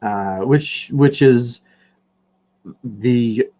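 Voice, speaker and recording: A man's voice: mid-range voice, extremely slow, mellow. A man hosting a podcast in a casual, rambling chat while he paints, joking at his own expense. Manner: rambling, jokey, self-deprecating. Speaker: podcast host.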